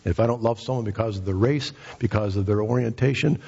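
A middle-aged man preaching a fervent sermon, his voice climbing to high, emphatic peaks. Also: fast, vocal fry, darkish tone, breathy edge, dull audio. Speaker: pastor.

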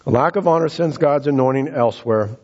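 A man preaching a sermon as pastor, earnest, repeating words and rising in pitch for emphasis. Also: brisk, a little mellow, slightly rough, highs cut off.

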